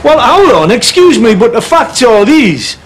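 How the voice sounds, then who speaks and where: A brash middle-aged Geordie builder. He is pushy and blokey, with a high voice that leaps around a lot. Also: big pitch swings, measured pace, soft background music, exaggerated voice. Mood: insistent.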